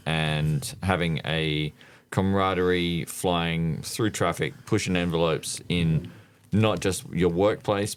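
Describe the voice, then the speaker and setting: Deep-voiced Australian man, rambling. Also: smooth. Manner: rambling, many fillers. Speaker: former bike messenger guest. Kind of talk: casual podcast chat.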